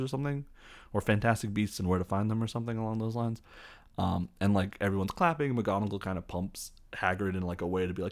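A man's voice: deep voice, a little fast. A man giving a casual, rambling, jokey recap of a film scene by scene, with lots of fillers. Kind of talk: casual movie recap commentary.

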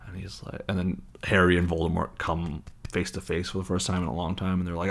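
A man's voice: low voice, little pitch movement, brisk, gravelly, hardly any pauses. A man casually retelling a film scene, rambling and incredulous, with lots of fillers.

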